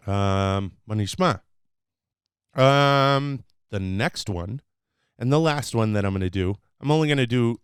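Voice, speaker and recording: A man talks through his own podcast at an easy, unhurried pace, his voice smooth and clear. The sound is dry and close. He rambles casually with plenty of fillers, breaking now and then into sudden excited bursts. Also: fairly low pitch, dry recording. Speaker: podcast host. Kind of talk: casual solo podcast, teaching phrases.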